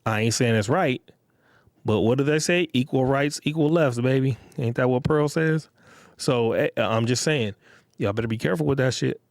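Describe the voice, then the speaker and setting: At a normal pace and in a mid-range voice, a man hosting his podcast speaks in a profane, blunt, slang-filled solo monologue, turning animated as he portrays other people. The sound is clean, dry, and from a studio.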